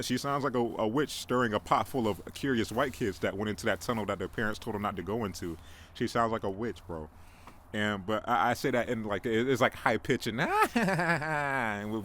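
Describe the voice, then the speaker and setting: A young man hosts a casual podcast by himself, his voice lowish with a fairly bright tone. The talk is rambling and self-mocking, peppered with jokes and repeated restarts, over faint background noise.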